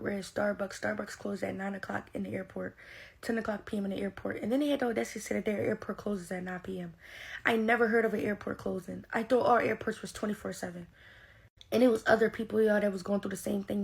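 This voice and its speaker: A woman telling a personal story casually, animated, often calling her viewers y'all. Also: mid-range voice, gravelly.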